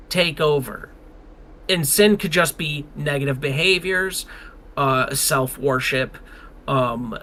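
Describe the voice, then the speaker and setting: A man co-hosting a podcast talks in a bright, forward voice that sits a bit high. He rambles earnestly and swears casually. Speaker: podcast co-host.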